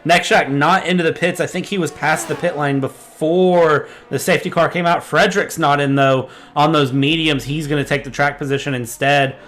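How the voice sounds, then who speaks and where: A young man giving fast, energetic live commentary on an online sim race. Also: a little high. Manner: energetic, quick play-by-play.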